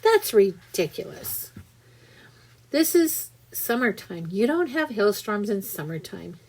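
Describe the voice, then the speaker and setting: A rude, boastful centipede who jeers and bellows at everyone, as a woman reads him aloud. He sounds loud and scornful, a cocky little creature out of a storybook. The delivery is unhurried. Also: medium pitch, big pitch swings, slightly rough, exaggerated voice. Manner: loud, jeering, mocking. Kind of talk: storybook reading.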